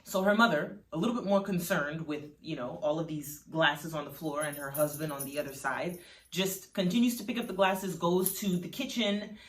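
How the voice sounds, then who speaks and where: A woman telling a story in a conversational, unhurried way, with fillers like "you know", recorded in a roomy space from a distance. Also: sits low. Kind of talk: storytelling narration. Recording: roomy sound from a distant mic.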